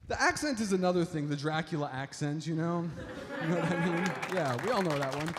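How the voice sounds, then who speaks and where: A man's voice: high voice, animated, fairly quick. A man doing a stand-up comedy set on stage, rambling with lots of fillers and talking to the audience as folks. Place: stage before a live audience. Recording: reverberant hall with crowd and noise.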